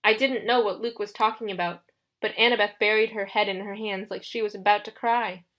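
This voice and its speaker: A woman narrating a fantasy audiobook in steady first-person storytelling. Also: medium pitch, a little fast.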